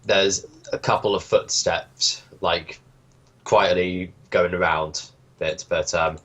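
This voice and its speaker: Low-voiced hesitant young game master. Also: male voice, fairly even intonation, slow pace, a bit bright. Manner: hesitant, many ums, rules talk. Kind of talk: narrating a tabletop game.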